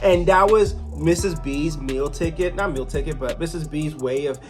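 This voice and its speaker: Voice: mid-range voice, normal speed, faint music behind. A comic book reviewer hosting their own channel, narrating a story casually with jokey asides.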